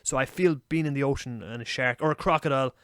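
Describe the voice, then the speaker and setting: Fast-talking Irish man telling wild stories. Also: mid-range voice, smooth, no room sound, studio quality. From Ireland. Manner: animated storyteller, swears freely. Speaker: podcast co-host. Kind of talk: casual chat.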